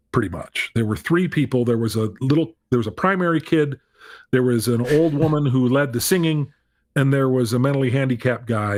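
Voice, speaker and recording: A man's voice: mid-range voice, dry recording. A middle-aged man tells a personal story as a talk-show guest. His voice sits in a mid range and is recorded close and dry. He talks candidly and pokes fun at himself, often circling back to restart a thought. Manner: candid and self-deprecating, with frequent restarts. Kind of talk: storytelling in a conversation.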